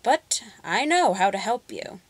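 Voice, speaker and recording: A woman voicing a thin, hungry black cat that speaks calmly and confidingly in a storybook reading. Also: fairly high pitch, measured pace, no echo.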